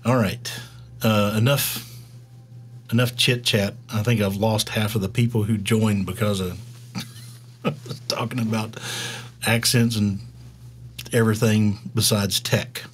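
A man's voice: on the low side, steady tone, a little hiss or hum. A middle-aged man from Georgia with a Southern drawl, hosting a developer live stream in casual, rambling talk full of fillers. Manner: rambling, halting, with many fillers.

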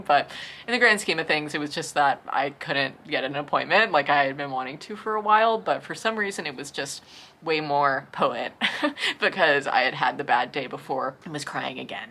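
A woman's voice: deep voice, fairly bright tone. A young woman in her twenties telling a casual storytime, chatty, with lots of "like" and "you know". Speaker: vlogger.

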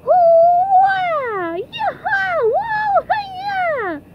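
Super squeaky excitable sponge guy, some woman doing him, slow and bouncy, kinda muffled mic. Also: heavy background noise, exaggerated voice. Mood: excited. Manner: excitable, shrill whoops. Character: squeaky cheerful young male sea sponge fry cook. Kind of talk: fan dub of a cartoon.

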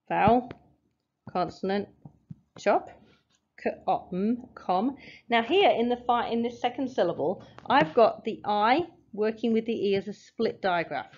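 A woman walks through a phonics lesson, sounding out each letter and syllable slowly and patiently. Her voice sits at an ordinary middle pitch. The recording is slightly dull and lo-fi. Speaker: teacher. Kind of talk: phonics lesson, explaining at a board.

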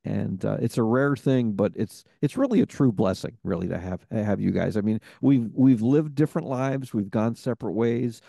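A podcast host telling stories in a casual chat, rambling with many fillers. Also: male voice, lowish voice, moderate pace, gravelly, hardly any pauses, mellow, no room sound, clean studio sound.

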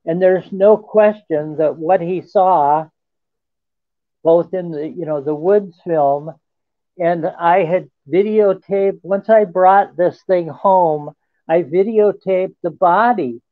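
A man, a guest in an interview, telling a first-person account in an earnest, halting way. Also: high-pitched, no room sound. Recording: tinny phone line, dry.

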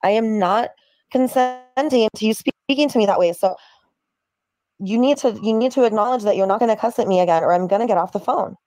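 A woman setting boundaries over the phone in a firm, measured, lecturing tone. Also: fairly high pitch, darkish tone, dry recording. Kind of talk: calm therapy-speak argument.

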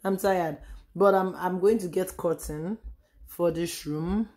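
Hoarse Nigerian woman vlogging. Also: lowish voice, fairly even intonation, slow, a little mellow. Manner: chatty, repeats herself, sighs and trails off. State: hoarse, losing her voice. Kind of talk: casual home vlog chat. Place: room at home.

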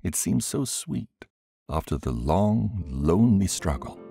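A man reading an audiobook aloud in a measured, expressive way. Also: sits low, vocal fry, slightly rough, no echo, studio quality, soft background music. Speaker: audiobook reader. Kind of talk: scripted audiobook narration.

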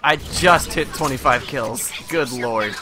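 A man's voice: medium pitch, slow pace, music in the background. A man in casual gaming banter, playful and teasing, laughing often. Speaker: gamer.

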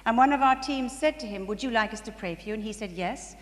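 A woman telling church stories in sermon style, animated and quick to laugh. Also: on the high side. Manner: animated, laughs often, rising to bursts of excitement. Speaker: speaker at a church conference. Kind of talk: sermon-style testimony storytelling. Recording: distant reverberant hall recording with faint ambient noise.

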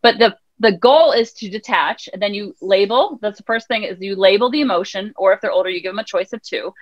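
A woman child counselor on a podcast, telling a parenting story in an animated way and acting out her son's lines. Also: mid-range voice, fairly quick, dull audio. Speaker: child counselor and life coach guest. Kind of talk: podcast conversation.

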